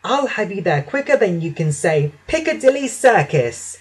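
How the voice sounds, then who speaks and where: A man voicing a chirpy, high talking barge. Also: big pitch swings, moderate pace, breathy edge, full character voice. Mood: cheerful. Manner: cheerful, pointing out sights. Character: friendly chatty talking barge tour guide.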